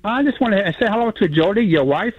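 A man's voice: sits high, expressive, fast talker, no echo. Older male caller on a dull phone line. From New York.

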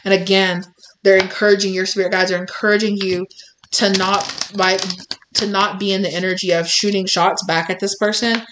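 A woman delivers a casual tarot reading in an everyday middle-pitched voice. She rambles, stacks up filler words and breaks into playful impressions of the people she describes. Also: little pitch movement, normal speed, noisy background. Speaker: tarot reader.

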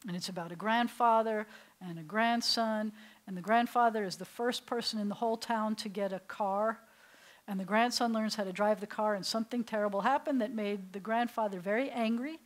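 A middle-aged woman rabbi leads a beginners' class in a synagogue classroom. Her voice sits at an ordinary middle pitch, and she tells stories at an easy teaching pace. She often turns to the room with questions. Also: fairly quick, rough recording. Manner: storytelling, asks the class questions. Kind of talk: classroom lecture to adult learners.

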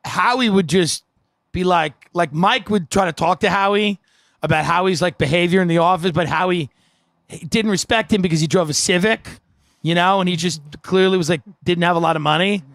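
Casting: comedian host, higher man's voice, dry close sound, rambling storyteller. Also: fairly quick, dry recording. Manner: rambling, animated anecdote telling.

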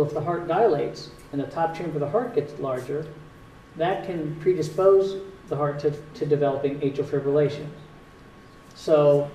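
Brief: male doctor with a Northern US accent, mellow tone, plain and patient, recorded from a distance in a roomy hall. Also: on the high side. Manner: plain, patient explaining with dry jokes. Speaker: cardiologist giving a talk. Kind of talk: explanatory health talk with audience Q&A. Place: community hall at a retirement home. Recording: echoey hall, distant mic, faint hiss.

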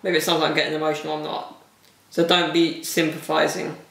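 A man's voice: fairly high pitch, level tone, a little fast, vocal fry, fairly bright tone, distant mic. A man hosting a casual solo podcast, talking candidly and rambling with frequent laughs, his voice wearing thin. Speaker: vlogger and podcast host. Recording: echoey room, mic set back.

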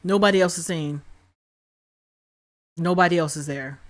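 A young woman talks through a TV episode in a loose, animated reaction style, full of slang and quick laughs. Her voice sits a little low for a woman. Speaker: YouTube reaction host. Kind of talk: casual reaction commentary.

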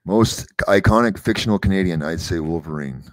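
A man's voice: sits low, fairly quick, dry recording, studio quality. A man hosting a casual livestream chat, talking bluntly, with swearing. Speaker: host.

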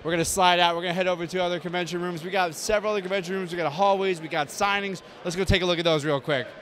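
A man's voice: sits high, steady tone, rapid-fire, fairly bright tone, a little hiss or hum. A man hosting a casual tour of a busy indoor convention floor, joking and bantering with fans, recorded on a mic on a crew member's camera. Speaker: host. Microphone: mic on a camera carried by a crew member.

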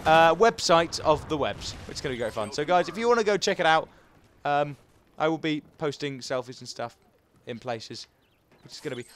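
Animated gamer, higher voice. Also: male voice. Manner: swings between frustrated outbursts and muttered asides. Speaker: gaming video host. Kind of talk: live gameplay commentary.

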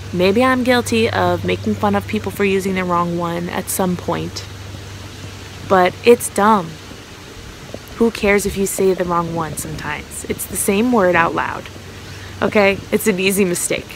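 Tired, rambling young woman vlogger, gravelly. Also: medium pitch, fairly bright tone, a little hiss or hum. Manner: rambling, many fillers, trails off. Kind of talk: casual vlog chat. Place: at home.

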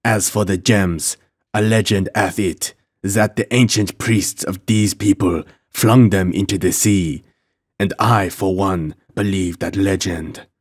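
A man's voice: sits low, fairly even intonation, takes it slowly, dry recording, studio quality. A man voicing a moody, superstitious French pirate in an audiobook, speaking gloomily.

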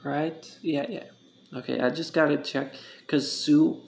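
Guy teaching spanish words real slow, gravelly voice, keeps repeating stuff and fixing himself. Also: fairly high pitch, steady tone. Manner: slow, self-correcting, repeats words for drill. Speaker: Spanish tutor. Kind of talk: informal language lesson.

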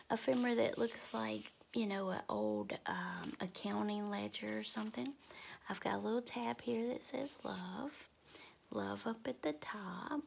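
A woman, talking in a soft half-whisper at home as she shows her craft work. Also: medium pitch, gravelly, a little hiss or hum. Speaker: craft vlogger. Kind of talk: crafting show-and-tell. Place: home, early morning.

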